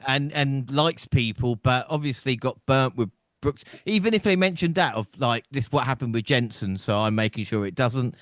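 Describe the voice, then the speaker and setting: A man's voice: medium pitch, expressive, moderate pace, few pauses, dry recording, clean studio sound. A man co-hosting a podcast in casual chat, rambling along, laughing often and checking in with his co-host. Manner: rambling, laughs often, keeps asking "do you know what I mean".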